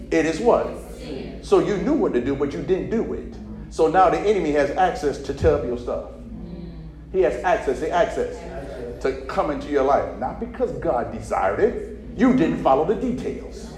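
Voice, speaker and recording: A man preaching a sermon who keeps prompting his listeners to repeat after him and checks that they follow. His delivery swings from low murmurs to loud, shouted preaching. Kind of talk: sermon with call-and-response. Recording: echoey hall.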